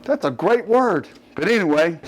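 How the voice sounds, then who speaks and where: A middle-aged Southern man hosts a fitness show in loose, unscripted talk. His voice sits a little high for a man. He rambles, cuts himself off and drops joking asides. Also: animated, normal speed. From US Gulf Coast.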